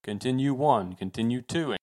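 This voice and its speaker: A man's voice: mid-range voice, moderate pace, mellow. A man co-hosting a podcast in casual chat, making wry joking asides. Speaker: podcast co-host.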